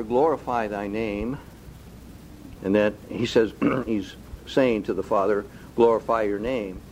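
A man preaching a sermon who keeps asking the congregation rhetorical questions and slows down to stress key phrases. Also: fairly low pitch, darkish tone, a little hiss or hum, low-quality recording. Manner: slow, deliberate emphasis on key phrases.

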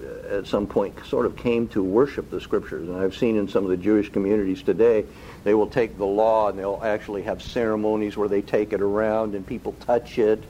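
Low-voiced male preacher giving a sermon. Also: warm tone, highs cut off, a little hiss or hum. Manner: asks the congregation rhetorical questions; slow, deliberate emphasis on key phrases.

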